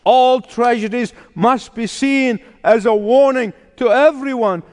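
A male pastor preaching a sermon emphatically, repeating key phrases and swinging from hushed to loud. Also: very high-pitched, a little slow. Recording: long reverb of a large hall.

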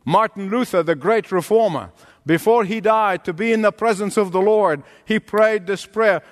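A man preaching a sermon as pastor in a church, deliberate and emphatic, building his points through repeated phrases. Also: high-pitched, big-room sound.

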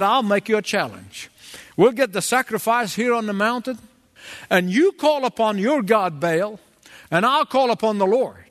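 Preaching a sermon, a pastor delivers his story dramatically and animatedly, acting out the voices of its characters. His voice sits high, and a long reverb tail follows it.

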